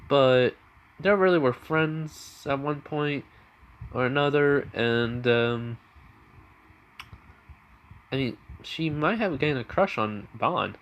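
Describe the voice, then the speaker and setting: A man's voice: medium pitch, slow pace, long pauses. A man casually retelling a fan story in a rambling way, full of fillers and self-corrections.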